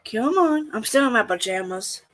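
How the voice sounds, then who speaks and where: A woman's voice: a little high, animated, moderate pace. A woman hosting a casual livestream reaction to a court broadcast, talking bluntly to her chat, venting indignantly and swearing often. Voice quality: blunt and profane, with frequent swearing. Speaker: livestream host.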